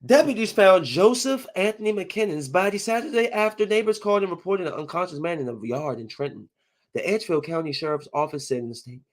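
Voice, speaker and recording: A man's voice: sits high, lively intonation, fast. A man hosting a casual solo podcast, talking animatedly, trash-talking with plenty of profanity, and reading news stories aloud with his own comments. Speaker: podcast host.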